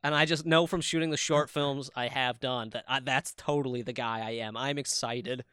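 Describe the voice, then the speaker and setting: A man co-hosting a podcast in casual chat, excitable and swearing freely with quick asides. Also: mid-range voice, clear, resonant tone, no echo, clean studio sound. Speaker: podcast co-host.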